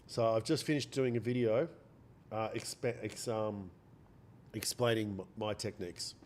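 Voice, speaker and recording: A man's voice: lowish voice, slow pace, pauses often, darkish tone. A man hosting a live trading stream, chatting casually, repeating phrases and answering viewers by name. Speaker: day trading livestream host.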